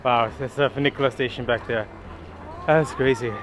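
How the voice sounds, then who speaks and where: A man's voice: mid-range voice, fairly even intonation, moderate pace, noisy background. A man travel vlogger talking in an easygoing, casual way while hiking an outdoor trail. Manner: easygoing, loose chatter with fillers. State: out of breath from hiking.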